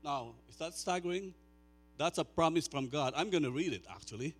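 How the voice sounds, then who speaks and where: A man in his sixties preaching a sermon, chatting with the congregation and then swelling into loud, slow, emphatic declaiming. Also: a little high, expressive. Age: 60s. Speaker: pastor.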